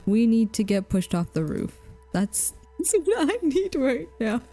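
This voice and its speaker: Woman, casual game commentary, playful, laughing, soft warm tone, faint music behind. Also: a little high, sing-song, unhurried. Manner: playful, laughs often, talks to viewers. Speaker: streamer.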